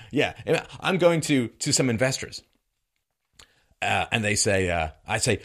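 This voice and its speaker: Sardonic man with an animated delivery. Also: measured pace, slightly rough. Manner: sardonic, mocking, with lively swings in pitch and bursts of laughter. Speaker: commentator. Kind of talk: monologue commentary.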